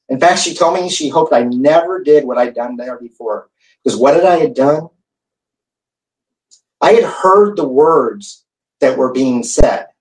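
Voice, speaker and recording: A man giving a keynote speech as an animated storyteller who acts out the dialogue in his stories. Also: mid-range voice. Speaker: keynote speaker. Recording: echoey hall, voice from far off.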